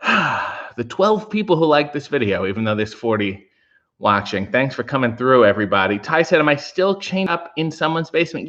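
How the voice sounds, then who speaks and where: A man hosts a casual livestream, reading viewer comments aloud and answering with deadpan, sarcastic quips. His pitch swings widely and lively, and the stream audio is dull and lo-fi.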